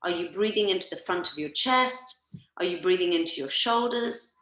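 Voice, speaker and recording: Woman therapist, slightly low voice, patient explainer leading breathwork; echoey video-call room. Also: moderate pace. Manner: calm, explanatory, coaching listeners through breaths. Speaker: massage therapist leading a workshop. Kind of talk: guided breathing instruction.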